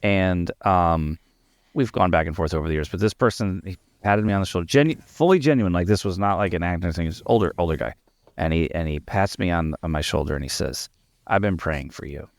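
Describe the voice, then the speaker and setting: A man with a deep voice and a gravelly edge speaks in a casual podcast conversation. He tells anecdotes with lively energy, and the recording sounds dry and close. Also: brisk, no echo. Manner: animated anecdotal storytelling. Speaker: podcast co-host. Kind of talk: casual discussion.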